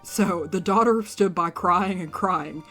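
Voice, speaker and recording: Giggly woman retelling a dark tale. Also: on the low side, measured pace, faint music behind. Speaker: podcast co-host. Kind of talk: casual storytelling.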